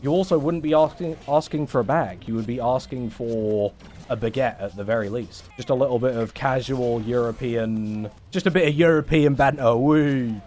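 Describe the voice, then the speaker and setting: A man's voice: mid-range voice, moderate pace, darkish tone. A young English man on a casual livestream, rambling in a sarcastic, sweary way. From England. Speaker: streamer.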